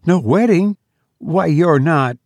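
A man's voice: medium pitch, sing-song, takes it slowly, a little mellow, no echo. A man reading a story voices a startled young man who exclaims and questions in a raised voice. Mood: astonished. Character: startled young man, eager, then stunned.

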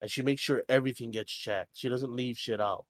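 A man's voice: mid-range voice, steady tone, a little fast, no room sound. A young man co-hosting a podcast, telling a story in a rambling, casual way, swearing freely and acting out both sides of conversations. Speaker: podcast co-host.

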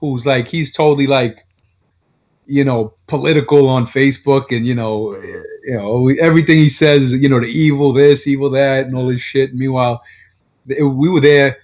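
A man's voice: medium pitch, steady tone, normal speed, a little mellow. A man, telling crude, rambling stories in casual chat. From Long Island, New York. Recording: dull lo-fi sound.

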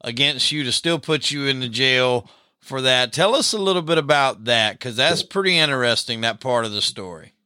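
A male interviewer prompts his guest to say more, speaking in a bright, tense voice. The sound is dry and close, with no room around it. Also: medium pitch, expressive, moderate pace, smooth, no echo. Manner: encouraging, prompting questions. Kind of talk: casual interview.

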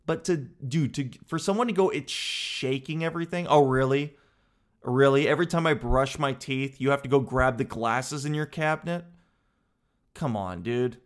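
A man's voice: medium pitch, normal speed. A man with an ordinary mid-range voice works himself up in a comedic monologue. He sounds exasperated and amused at once, swears freely and keeps addressing the listener as "dude.". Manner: animated, exasperated, peppered with "dude"; swears casually. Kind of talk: comedic rant.

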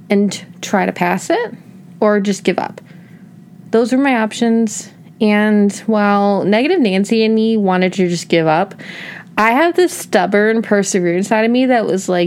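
A woman's voice: mid-range voice, measured pace, long pauses, a little mellow, smooth. A woman in her thirties from Northeast Ohio, hosting a solo podcast in a chatty, casual way, with lots of filler words and emphatic asides. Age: 30s. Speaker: podcast host.

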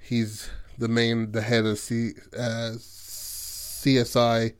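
A man at an ordinary middle pitch, chatting casually as he walks a listener through a film's story. His talk is loose and profane, peppered with "like" and "you know what I mean." It is relaxed podcast storytelling. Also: slow pace, smooth. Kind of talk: casual retelling of a film plot.

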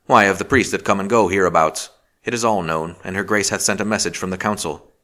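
A man reading the part of a passionate older magistrate who speaks harshly and forcefully. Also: low voice, brisk. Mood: stern. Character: passionate older male magistrate, gruff and stern.

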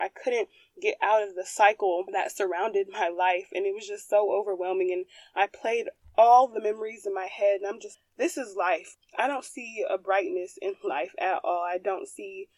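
A young woman shares her story on her podcast, candid and emphatic, talking straight to her listeners. Her voice sits at a middle pitch. The recording is close and dry. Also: a little mellow, no room sound. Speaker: podcast host. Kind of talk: personal testimony.

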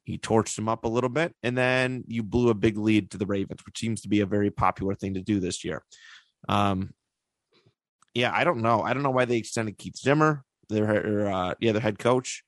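A man's voice: fairly low pitch, normal speed, dry recording. A man hosting a casual sports podcast chat, laid-back and full of filler words. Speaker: podcast host.

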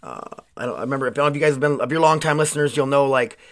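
A man's voice: medium pitch, racing, fairly bright tone. A young man hosting his own podcast, talking casually in a rambling way, restarting sentences and swearing freely. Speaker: podcast host. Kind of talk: casual solo podcast monologue.

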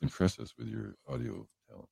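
A man with a very low, gravelly voice hosts a loose livestream, wandering from story to story and greeting viewers by name. His tone is dark and the sound is dry and close, with a lively, swooping delivery. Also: fairly quick, no room sound. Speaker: livestream host. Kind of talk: casual chat with viewers. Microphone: headphones on a livestream setup.

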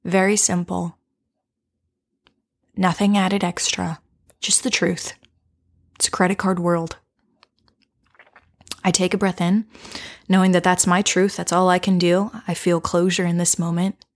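Soft-spoken woman coach, reflective storyteller. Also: fairly low pitch, level tone. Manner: soft, slow and reflective, often dropping to a whisper. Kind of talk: personal storytelling with guided reflection.

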